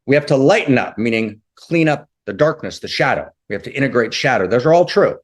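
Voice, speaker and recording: A man's voice: medium pitch, expressive, a little fast. A man leading a spiritual talk, impassioned and repeating his phrases, often checking in with "right?". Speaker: spiritual teacher.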